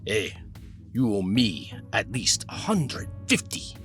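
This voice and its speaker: A man voicing a hulking, nasty older thug with a thick Ukrainian accent, all hiss and threat. His pitch lurches high and low, and the words drag out slow and heavy, dropping now and then to a rough whisper. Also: big pitch swings, a bit bright, faint music behind, heavily acted. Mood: demanding. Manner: hissing, fierce, spitting threats.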